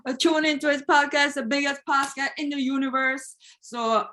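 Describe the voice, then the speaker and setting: A woman putting on a shouting Jamaican-accent hype girl. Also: sits high, fairly even intonation, normal speed, voice pushed up. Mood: playful. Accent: put-on Jamaican. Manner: shouting, playful.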